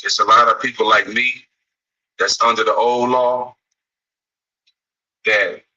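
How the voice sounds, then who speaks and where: Podcast guy, husky and sharp-toned, kinda far from the mic, keeps repeating his point. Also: fairly low pitch, level tone, slow, muffled recording. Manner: earnest, emphatic, repeats himself. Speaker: podcast host. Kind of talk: casual commentary.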